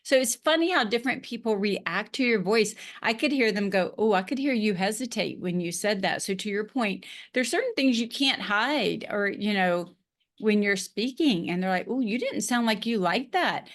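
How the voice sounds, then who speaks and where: A woman's voice: medium pitch, animated, moderate pace. Chatty Southern woman host. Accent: Southern American. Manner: chatty storyteller, amused. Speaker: podcast host. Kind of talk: casual interview chat.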